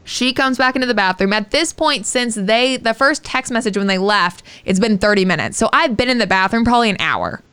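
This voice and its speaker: A woman's voice: on the high side, a little fast, few pauses, fairly bright tone, smooth, dry recording. A young woman co-hosting a podcast, telling a personal story in casual chat, candid and swearing freely. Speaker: podcast co-host.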